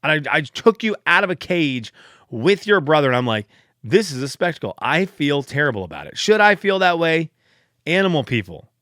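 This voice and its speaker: A man talks alone into a podcast mic, rambling and poking fun at himself in a casual, fired-up way. His voice sits a little high for a man. The sound is dry and close, with no room echo. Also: very animated, normal speed, fairly bright tone, smooth. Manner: rambling, self-deprecating storytelling. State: fired up late at night. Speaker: podcast host. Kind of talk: casual solo podcast chat.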